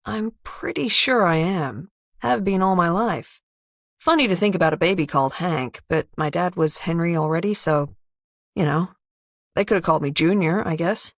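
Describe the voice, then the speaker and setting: A woman's voice: lowish voice, normal speed, no echo. A woman reading the part of an easygoing, amused lanky teenage guy in an audiobook. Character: laid-back lanky teenage American guy.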